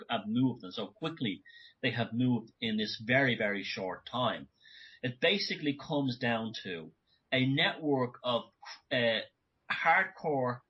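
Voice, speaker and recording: A man speaking as a guest in an interview, animated and talking in bursts with frequent restarts. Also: mid-range voice, breathy edge. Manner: animated, many restarts and asides. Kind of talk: conversational interview. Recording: dull lo-fi audio.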